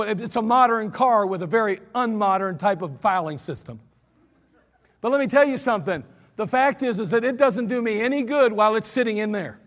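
A man preaching an emphatic sermon, slowing down and repeating lines for stress. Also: high-pitched, a bit bright, long reverb tail. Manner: emphatic, repetitive, slows for stress.

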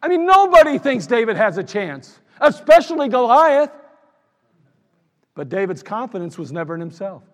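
A man's voice: very high-pitched, big pitch swings, normal speed, a bit bright. A man preaching a sermon as pastor, telling the story with animation and acting out the quoted lines. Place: church sanctuary. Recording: echoey church hall with long reverb.

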